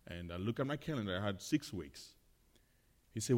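Missionary man with a lowish voice, halting, filler-heavy church talk, echoing sanctuary. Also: expressive, darkish tone. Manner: chatty, many fillers and restarts, laughs often.

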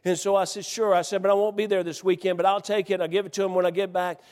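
Middle-aged preacher guy telling a story, stammers and repeats, gets loud, big hall echo. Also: sits high, level tone, quick pace. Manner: folksy, repeats words, builds to shouting. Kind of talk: sermon storytelling. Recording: long hall reverb.

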